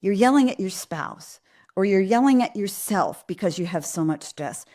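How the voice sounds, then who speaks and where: A woman's voice: mid-range voice, animated, normal speed, a little mellow. Earnest middle-aged woman giving parenting advice. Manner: earnest, direct, acts out parents' and kids' lines in quotes. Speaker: pediatrician and parenting host. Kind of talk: live Q&A parenting advice talk.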